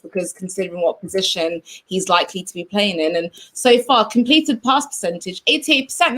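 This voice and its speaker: A woman co-hosting a casual football chat, upbeat, reading out stats and shout-outs. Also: mid-range voice.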